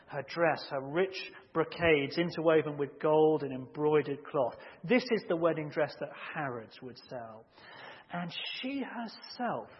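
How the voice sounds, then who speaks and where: Male preacher, emphatic sermon delivery, muffled lo-fi hall recording. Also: a little high. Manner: measured, emphatic, building to loud acted shouts in anecdotes. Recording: muffled audio with long hall reverb.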